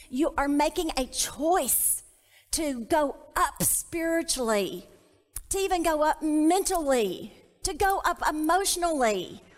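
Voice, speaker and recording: A woman's voice: sits high, long reverb tail. A woman teaching a Bible study to a women's group, emphatic, with call-and-response lines.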